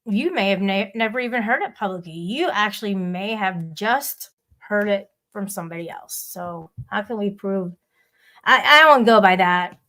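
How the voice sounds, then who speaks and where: A woman's voice: medium pitch, fairly bright tone. A woman hosting a live audio chat room, rambling and blunt, swearing casually as she addresses listeners.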